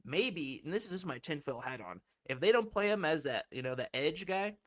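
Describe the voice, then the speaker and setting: A young man with a somewhat high voice hosts a live football fan stream. His talk is loose and chatty, full of slang and casual swearing. It is an easygoing live-stream conversation with his viewers. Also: very animated, moderate pace, fairly bright tone. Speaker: host of a fan football livestream.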